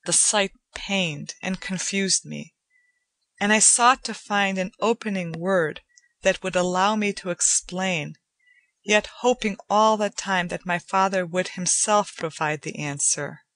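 A woman narrating a short story in slow, measured, somber storytelling. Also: medium pitch, a bit bright, dry recording. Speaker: audiobook narrator. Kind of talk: scripted narration.

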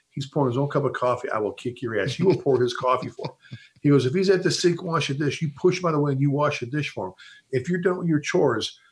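A middle-aged man, a fire service instructor, telling stories in a casual chat, quick and animated, often restarting his sentences and quoting old bosses. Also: medium pitch.

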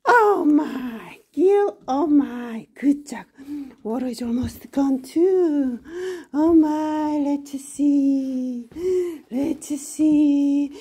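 Woman w/ baby-talking her dogs, way high pitched, drawn out and slow. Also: warm tone. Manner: gushing, sing-song cooing at dogs. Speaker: pet owner vlogger. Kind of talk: baby-talk to pets.

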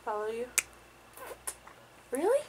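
A woman's voice: a little high, wildly swooping pitch, slow, mellow, slight background noise, poor audio. A young woman vlogging casually at home with her partner, chatty and prone to giggling. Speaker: family vlogger. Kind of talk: casual chat.

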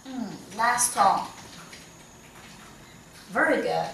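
A woman's voice: mid-range voice, expressive, very slow, vocal fry, a bit bright, distant mic, a little hiss or hum. A woman from China with a Chinese accent, patiently teaching a Mandarin lesson in English and modelling the tones. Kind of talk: online language lesson. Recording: echoey room, voice slightly off-mic.

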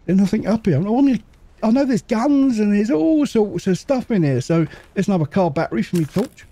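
A man casually commentating a game as he plays, muttering to himself and making quick jokes. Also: sits high, big pitch swings, dark tone, a little hiss or hum. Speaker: gaming channel host. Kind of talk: casual let's-play commentary.

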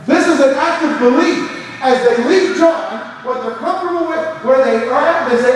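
A man's voice: very high voice, normal speed, a little hiss or hum. A man preaching a sermon as pastor, with rising emphasis and quoted asides. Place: church sanctuary. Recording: echoey church hall from far off.

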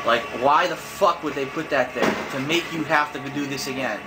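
A man's voice: mid-range voice, normal speed, loud music behind the voice, rough recording. A young man giving frustrated, swear-heavy commentary while playing a video game. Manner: cursing, exasperated, thinks aloud. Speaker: gamer.

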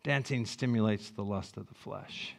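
A man voicing his stern, devout father in a low, grave, solemn preaching tone. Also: normal speed, creaky.

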